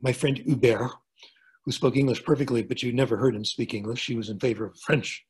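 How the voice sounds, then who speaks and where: A man's voice: mid-range voice, fairly even intonation, a little fast, slightly rough. An older man from the United States giving a webinar lecture as a linguistics professor, chatty, with joking asides and plain examples, on a video call. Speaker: guest speaker, linguistics professor. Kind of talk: webinar lecture answering questions.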